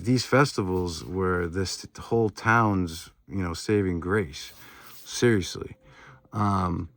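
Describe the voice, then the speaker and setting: A man's voice: on the low side, no room sound. A man casually telling a rambling personal story, swearing often and filling in with "like" and "you know".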